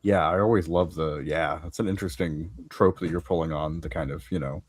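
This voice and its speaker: A man with a very deep, husky voice co-hosts a casual podcast. He sounds relaxed and keeps up quick, affirming reactions. The sound is dry. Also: dry recording. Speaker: podcast co-host.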